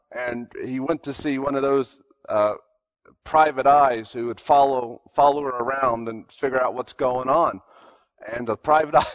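A man preaching a sermon. His delivery swings from hushed storytelling to loud, high emphatic peaks. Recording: dull lo-fi sermon recording.

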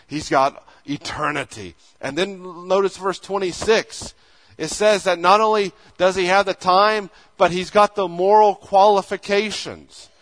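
A man's voice: high-pitched, measured pace, a bit bright. A male pastor preaching a conversational sermon, acting out imagined dialogues as he goes.

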